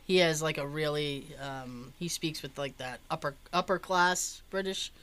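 A woman's voice: sits low, moderate pace, a bit bright. A woman in casual podcast chat, telling an anecdote loosely with plenty of fillers and asides. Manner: chatty storyteller, lots of likes and ums.

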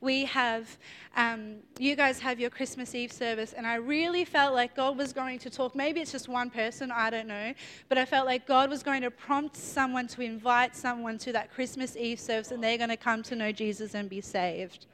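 Young woman, high voice, chatty sermon storytelling, lots of fillers and tangents. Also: fairly even intonation, normal speed, fairly bright tone, a little hiss or hum. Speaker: preacher.

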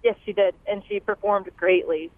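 A woman's voice: mid-range voice, fairly even intonation, moderate pace, no room sound. A young woman calling in to a radio show, speaking casually with many "like"s and "um"s. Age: young adult. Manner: peppers her talk with "like" and "um". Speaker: caller, college rower. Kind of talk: phone-in chat. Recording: tinny phone line.

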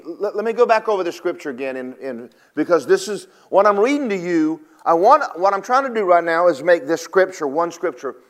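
A man in his later years preaches in a drawl. He climbs high and loud when he drives a point home, then sinks into a quiet, low voice for his stories. His pitch swings widely and his pace keeps shifting. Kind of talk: sermon.

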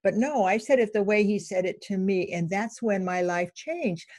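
Woman host, lively storyteller, close dry recording. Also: medium pitch, normal speed, dry recording. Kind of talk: conversational storytelling.

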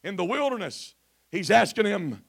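Male preacher, very high gravelly voice, shouted rhythmic sermon with constant "uh" beats. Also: very animated, moderate pace. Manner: chanting, shouted cadence with frequent "uh" fillers; drops to quiet, low delivery at times. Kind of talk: Pentecostal sermon. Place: church.

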